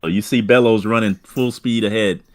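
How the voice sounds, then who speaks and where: A man running a tabletop game as game master, talking in halting stretches full of fillers and restarts. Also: fairly low pitch, fairly even intonation, a little mellow.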